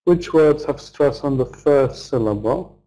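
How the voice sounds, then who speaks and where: A middle-aged man teaches English pronunciation, modelling each word slowly and clearly so learners can repeat it. His voice is mellow and relaxed, and he takes his time over every syllable. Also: on the high side, rough recording. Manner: slow, deliberate, modelling words for repetition. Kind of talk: pronunciation lesson, slow drills.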